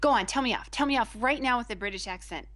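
A woman's voice: fairly high pitch, quick pace, a bit bright. A woman with an American accent co-hosting a radio show, playful and gushing in casual banter. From United States. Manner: playful, gushing, flirty teasing. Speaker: radio co-host.

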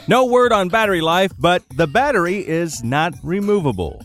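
A man's voice: fairly high pitch, normal speed, hardly any pauses. Guy hosting a jokey tech news show, voice jumping all over, little music bed behind. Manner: jokey, animated, playful asides. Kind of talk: comedic tech news roundup.

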